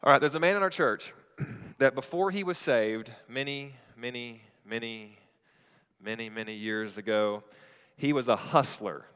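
A man's voice: medium pitch, measured pace, a bit bright, clear, resonant tone, long reverb tail. A man preaching a sermon in a church, telling a story with playful asides to the congregation. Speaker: pastor. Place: church sanctuary.

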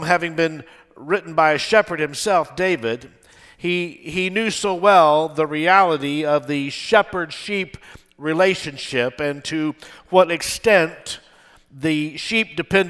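The pastor, an older man with a high-leaning, slightly bright and clean voice, preaches with emphasis in a church that has a balcony. He repeatedly prompts his congregation for responses.

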